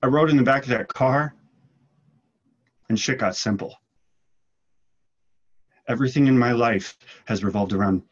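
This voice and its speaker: A man's voice: lowish voice, breathy edge, highs cut off. Figure: a man acting a desperate brother. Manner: raw, intense, driven monologue delivery. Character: desperate young man telling his sister of his arrest. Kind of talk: scene work in an acting class.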